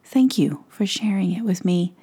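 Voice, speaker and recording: A woman voicing a polite, bewildered fairy queen in a soft whispered role-play. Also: medium pitch, expressive, moderate pace, slightly rough. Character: lost gentle fairy queen, young woman.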